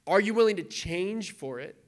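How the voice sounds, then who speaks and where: A man's voice: high-pitched, expressive, moderate pace. A young adult man preaching a sermon as a pastor, in a casual, conversational way with lots of fillers, sometimes turning tearful. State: tearful, voice breaking.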